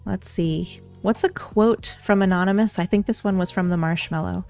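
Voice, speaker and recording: A woman's voice: lowish voice, steady tone, moderate pace, vocal fry, darkish tone, faint music behind. A young woman VTuber casually answering viewer questions on a livestream, bubbly and giggly, on a studio condenser mic. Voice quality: giggly, bubbly, self-deprecating. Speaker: VTuber streamer.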